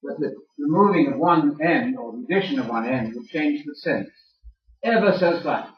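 A man's voice: a little high, lively intonation, moderate pace. An older man giving a sermon-style lecture, teasing his audience with questions. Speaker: speaker addressing a church audience. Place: large room with an audience. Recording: echoey room, far from mic, dull sound.

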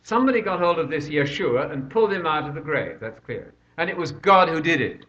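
A man's voice: fairly high pitch, sing-song, a little fast, fairly bright tone. An older man preaching a conversational sermon, full of rhetorical questions, recorded on a dull lo-fi track.

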